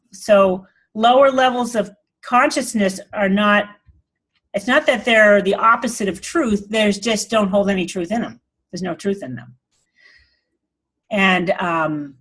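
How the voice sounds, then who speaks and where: A woman's voice: mid-range voice, fairly bright tone. A woman giving an earnest, rambling spiritual talk to an online group, laughing often. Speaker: spiritual teacher.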